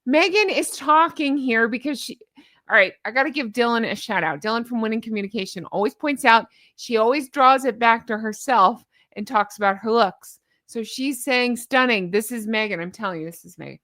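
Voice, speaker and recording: Sarcastic lady doing a mocking commentary vid, kinda high voice, dry close sound. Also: brisk, a bit bright, no room sound. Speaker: commentary channel host.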